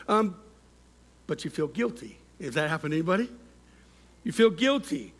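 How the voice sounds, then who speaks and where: A male pastor preaching a sermon, leading the congregation in call-and-response and letting his phrase endings fall soft and quiet. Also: high voice, big pitch swings, measured pace, long pauses, breathy edge.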